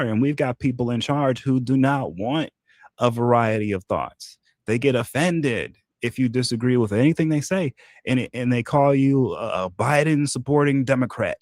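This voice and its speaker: A man hosting a show, delivering an animated political commentary monologue with emphatic repetition. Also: mid-range voice, no room sound, studio quality. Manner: animated, emphatic, repeats himself. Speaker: show host.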